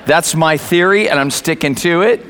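High-voiced middle-aged pastor preaching in a hall. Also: male voice, moderate pace, a little hiss or hum. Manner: storytelling with restarts and animated quoted voices. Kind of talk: sermon. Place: church.

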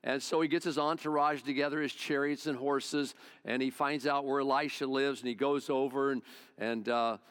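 A man's voice: mid-range voice, fairly even intonation, normal speed, a bit bright, clear, resonant tone. A male pastor preaching a sermon, retelling a Bible story in a folksy, conversational way.

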